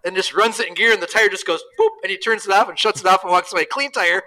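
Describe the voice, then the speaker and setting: A high-pitched man talks fast as co-host of a casual podcast, recapping a race. He's an animated storyteller who laughs often and acts out both sides of each conversation.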